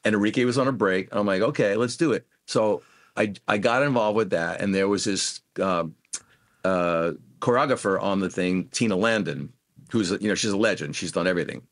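A man's voice: lowish voice, a little fast, dry recording, studio quality. A middle-aged man, a guest musician, telling career anecdotes in an interview and acting out what others said. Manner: animated anecdotes, acts out quoted voices. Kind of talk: storytelling interview.

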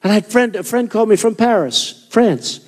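A man's voice: sits high, animated, a little fast. Boastful rambling man at a rally. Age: 60s. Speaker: political candidate. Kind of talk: campaign rally speech. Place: hot indoor hall with a crowd. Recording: reverberant hall with crowd noise.

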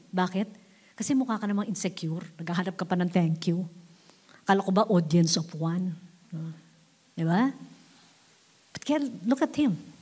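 A woman with a Filipino accent preaching a sermon in an animated, emphatic way, mixing English with Tagalog and repeating her points. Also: mid-range voice. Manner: switches between English and Tagalog.

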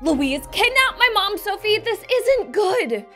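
A woman acting out a role-play story, excitable and often shouting, with music behind. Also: extremely high pitch, takes it slowly. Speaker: host and lead role-player. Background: background music.

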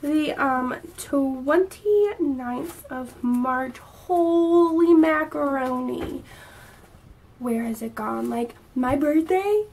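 A woman's voice: high-pitched, extremely slow, gravelly, a little mellow. A young woman in her early twenties, chatting casually to camera as a vlogger, bubbly and gushing, a little out of breath. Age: 20s.

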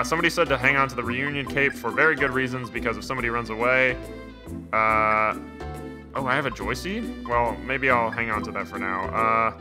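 A young man giving casual, jokey commentary while playing a video game, rambling with lots of "like" and "man". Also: medium pitch. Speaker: video game let's player.

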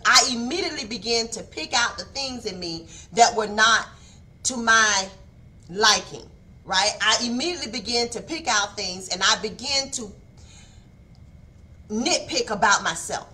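A woman's voice: fairly high pitch, sharp tone. A woman giving a morning devotional talk, preachy, repeating words for emphasis and calling for responses. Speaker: devotional speaker. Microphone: online stream mic.

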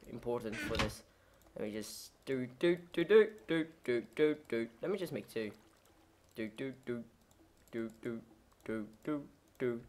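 Brief: woman, low voice with a lively, swooping pitch, casual rambling game commentary. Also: slight background noise. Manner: rambling, goofy, self-correcting, lots of fillers. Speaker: gameplay commentator. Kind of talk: casual let's-play commentary.

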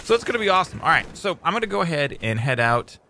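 An excitable man talks through his gameplay like an eager host, chatty and quick to squeal. His voice sits a bit high with a bright edge, and it swings widely in pitch. A faint hum of background noise runs under it. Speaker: gaming channel host. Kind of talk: let's play commentary.

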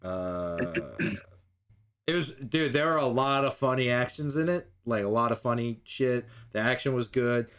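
A man in casual podcast chat, talking at an ordinary middle pitch. He rants with plenty of profanity and slips into mock voices of people as he tells a story. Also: normal speed, clean tone. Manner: profane, animated ranting with impressions of people. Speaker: podcast co-host.

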